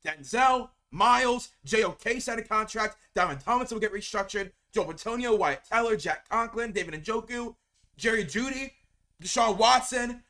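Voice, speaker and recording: A man vents to camera about his team in a heated fan rant, often stumbling over and repeating his words. His voice sits high and swings widely in pitch. The tone is bright and sharp. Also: lively intonation, normal speed. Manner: heated, venting, repeats words when upset. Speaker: sports video creator.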